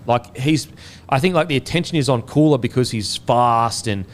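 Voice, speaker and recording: A man hosting a casual sports podcast, relaxed and swearing now and then, tripping over player names. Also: medium pitch, normal speed, slight background noise. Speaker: podcast host.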